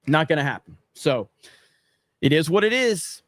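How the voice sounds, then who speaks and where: A man's voice: fairly high pitch, very animated, normal speed, a bit bright, no echo. A man hosting a podcast, giving casual, sarcastic commentary with mocking asides. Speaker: podcast host reacting to clips.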